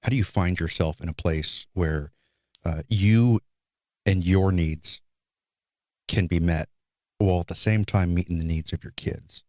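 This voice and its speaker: Middle-aged man, very low voice, measured and thoughtful, dry podcast mic. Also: mellow, no room sound. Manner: thoughtful, measured, builds ideas slowly. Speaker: podcast co-host. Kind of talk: casual podcast conversation.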